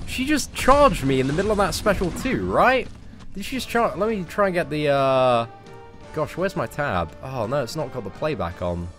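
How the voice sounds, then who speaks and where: A man chatting excitedly and casually on a live game stream. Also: on the high side, normal speed, over music.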